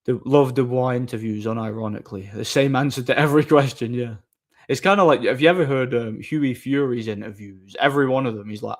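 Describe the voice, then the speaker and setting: A man's voice: medium pitch, a little fast. A man chatting casually on a live stream, reading viewer messages aloud, rambling with repeated words and frequent laughter.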